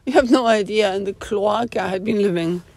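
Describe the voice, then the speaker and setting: A woman's voice: medium pitch, fairly quick, a little mellow, no echo. A woman hosting a casual talk, rambling on with dramatic groans of disgust. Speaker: host. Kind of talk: casual monologue.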